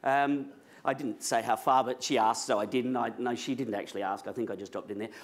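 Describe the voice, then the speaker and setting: A man's voice: mid-range voice, fairly even intonation, fairly quick. A man telling a personal story to a live audience, chatty and self-mocking, now and then asking the crowd questions. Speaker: public speaker.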